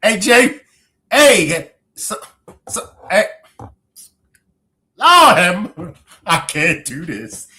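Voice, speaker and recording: High, animated man reacting. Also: very slow, long pauses. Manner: laughing, exclaiming, breaking off mid-sentence. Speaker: streamer reacting to a clip. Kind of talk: live reaction commentary.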